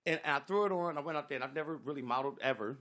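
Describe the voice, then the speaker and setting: A male stand-up comedian talking at a fast clip in a somewhat high voice. He tells stories in an animated, loose way and swears freely during a casual podcast chat.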